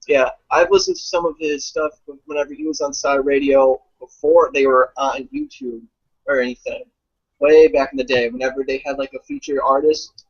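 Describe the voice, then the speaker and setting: A man talking in a casual, rambling way, animated and profane, with lots of fillers. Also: on the high side, slightly rough. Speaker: guest commentator. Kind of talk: casual chat. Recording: dull lo-fi audio.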